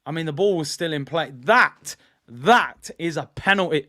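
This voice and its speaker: Animated man arguing a football call. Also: a little high, normal speed. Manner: animated, repeats himself, argues with chat. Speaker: football watch-along host. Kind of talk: casual live match commentary.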